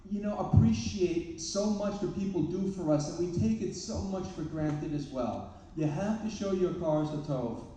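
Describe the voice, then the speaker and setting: A man's voice: high-pitched, warm tone, a little hiss or hum. A man, a therapist and parenting speaker, giving a humorous live talk full of self-deprecating stories. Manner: storytelling with self-deprecating jokes. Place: large event hall. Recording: echoey hall, distant mic.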